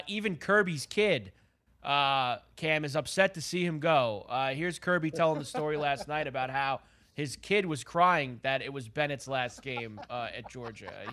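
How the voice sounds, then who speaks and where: A man co-hosting a sports betting show, chatting casually and getting worked up about the games. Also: mid-range voice. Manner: excitable, talks up the betting angle, frequent "uh".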